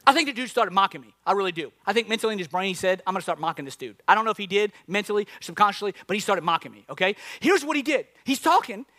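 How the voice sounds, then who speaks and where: Animated high-voiced man preaching. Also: racing, hardly any pauses, dry recording. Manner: animated storytelling, breathless acted gasps. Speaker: pastor. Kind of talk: sermon with comic story.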